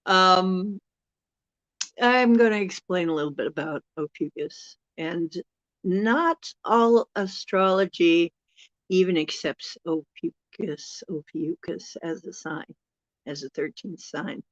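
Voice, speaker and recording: A woman's voice: fairly low pitch, slow pace, dry recording, lo-fi sound. A woman hosting a casual livestream, chatty and rambling, often laughing and correcting herself. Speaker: livestream host.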